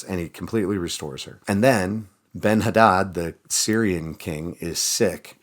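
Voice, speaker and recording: Low-voiced man retelling Bible stories. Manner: relaxed storytelling with frequent fillers. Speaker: pastor. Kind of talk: casual Bible reading reflection.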